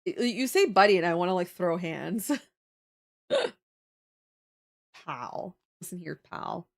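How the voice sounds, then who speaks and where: A young adult woman, chatting casually with her live viewers. She talks in an animated way, laughs often and answers viewer comments as they come in. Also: on the low side, slow. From Canada. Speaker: livestreamer.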